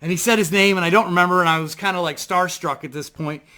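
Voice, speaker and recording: Excitable, bright-voiced man telling a story. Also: high-pitched, quick pace. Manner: rambling, excitable, lots of fillers and swearing. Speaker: vlogger. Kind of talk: casual storytelling to camera. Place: home desk in front of a computer.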